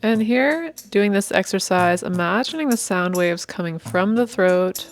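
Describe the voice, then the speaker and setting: A woman leading a guided meditation, giving calm, unhurried, inviting instructions over soft instrumental music. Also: mid-range voice.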